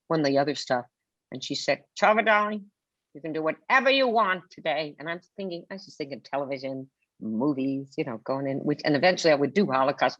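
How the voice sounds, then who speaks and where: Older woman guest on a webinar, low voice, vivid theatrical storyteller, dull dry video-call sound. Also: no room sound. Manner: theatrical storyteller who acts out quotes. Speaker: guest author. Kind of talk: webinar conversation.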